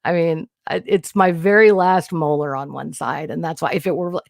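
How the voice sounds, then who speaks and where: A woman's voice: sits low, fairly even intonation, normal speed, gravelly, no echo, studio quality. Candid, rambling woman host. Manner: rambling, candid, frequent restarts and swearing. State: emotional, medicated, nervous. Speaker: livestream host. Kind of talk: casual livestream chat. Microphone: new studio mic.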